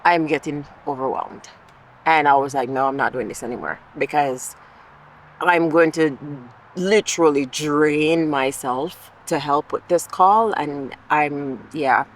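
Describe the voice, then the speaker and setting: A woman's voice: low-pitched, a little slow, slight background noise, low-quality recording. A woman vlogger in a casual monologue, candid and reflective, talking through her feelings aloud with the odd swear word. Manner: occasional swearing.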